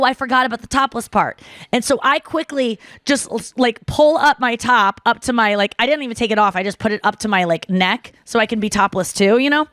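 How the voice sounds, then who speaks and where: A woman in her thirties tells a story as podcast host, chatty and animated, with many fillers and acted-out quotes. Her voice sits a little high and comes through close and dry, with no room sound. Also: dry recording. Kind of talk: casual storytelling.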